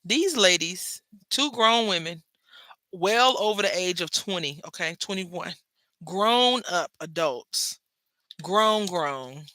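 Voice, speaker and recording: This craft channel host has a high-pitched, expressive voice that's pushed and bright, and he takes it slowly. He chats playfully to viewers and tells gossipy stories while working at his table, a casual crafting chat captured in a dry recording.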